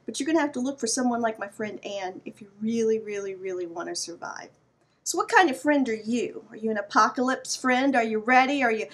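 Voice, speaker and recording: A middle-aged woman hosting her own vlog, telling a personal story in an animated, playful way with lively asides to the viewer. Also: a little high, slightly rough. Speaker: vlog host.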